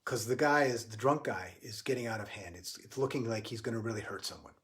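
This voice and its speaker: A man's voice: medium pitch, fairly bright tone. Earnest man giving a spiritual talk. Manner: earnest, halting, many restarts. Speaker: spiritual teacher. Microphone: livestream.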